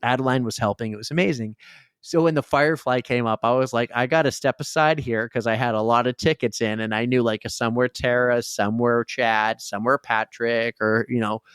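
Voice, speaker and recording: A man co-hosting a podcast in casual chat, telling a story and acting out the quotes with big jumps in pitch. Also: fairly even intonation, normal speed, fairly bright tone, clear, resonant tone, dry recording, clean studio sound. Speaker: podcast co-host.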